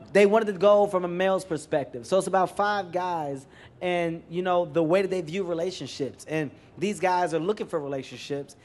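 An animated comedian from Philadelphia talks emphatically at a live Q&A. His voice sits a little high. A faint hiss runs under the mic. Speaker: comedian guest. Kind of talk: moderated Q&A discussion. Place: live venue with audience.

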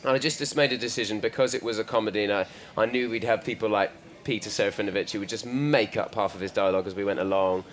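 A man's voice: on the low side, fairly even intonation, quick pace, few pauses. A man, an actor, answering questions at a live panel, hesitant and self-deprecating, with frequent restarts. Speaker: actor and film star. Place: live panel event in a store.

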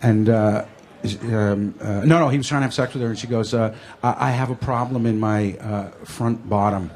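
A man's voice: fairly low pitch, moderate pace, darkish tone. An American man hosting a casual chat, dry and teasing, telling loose anecdotes. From United States. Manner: dry, teasing, storytelling asides.

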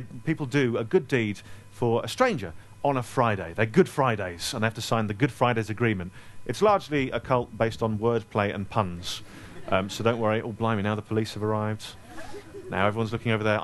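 A man from Scotland, an author answering audience questions in a casual Q&A, joking and self-deprecating with rambling asides, speaking into a handheld microphone. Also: medium pitch. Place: store event space with a live audience.

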